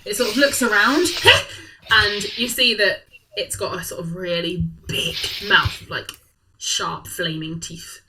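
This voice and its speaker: A woman's voice: mid-range voice, steady tone, takes it slowly. A woman narrating a tabletop game as dungeon master, playful and giggly, making bouncing sound effects. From United Kingdom. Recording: slightly distant mic with faint noise.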